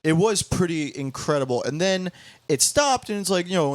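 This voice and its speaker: A young man hosting a podcast, telling a story in casual chat, halting with many restarts and quoting others in bouncy voices. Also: sits high, no room sound. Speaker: podcast host.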